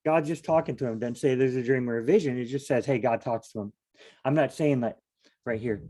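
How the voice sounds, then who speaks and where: Man hosting a casual Bible study, mellow tone, rambling and self-deprecating. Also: mid-range voice, a little fast.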